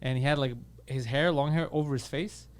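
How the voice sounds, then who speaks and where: A man's voice: on the high side, fairly even intonation, smooth. A man co-hosting a comedy podcast, telling stories in a crude, casual way. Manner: rapid storytelling with crude humor. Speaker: podcast co-host.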